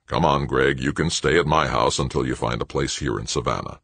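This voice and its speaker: A lumbering, kindly old man, voiced by the audiobook narrator in his own very deep register. His speech is plain and calm, with a husky tone, and the recording is close and dry. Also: brisk, no room sound, exaggerated voice.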